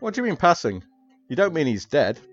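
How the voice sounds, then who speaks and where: A man's voice: a little high, sing-song, fairly quick, muffled recording, faint music behind. Man doing a jovial boozy professor. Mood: hearty. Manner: hearty, familiar, chummy.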